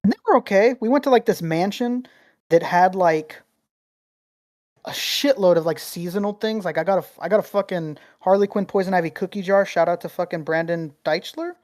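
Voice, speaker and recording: A woman co-hosts a laid-back podcast in a lowish voice and tells rambling stories full of swearing. She talks with lots of energy and many asides. The sound is dry and close to the mic. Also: a little fast, dry recording. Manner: profane, rambling, animated storyteller. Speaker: podcast co-host. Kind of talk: casual chat, storytelling.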